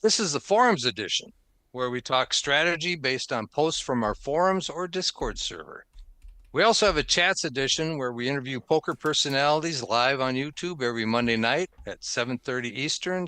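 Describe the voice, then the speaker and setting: A man's voice: medium pitch, pushed and bright, smooth, dry recording. A man hosting a podcast, chatting casually and reading the show intro in an upbeat way, laughing often. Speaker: podcast host.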